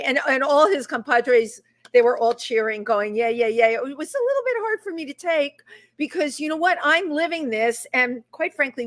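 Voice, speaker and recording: This is an effusive woman hosting a chatty live talk show. Her voice sits a little higher than most women's. She leans into her points with plenty of emphasis. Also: a bit bright.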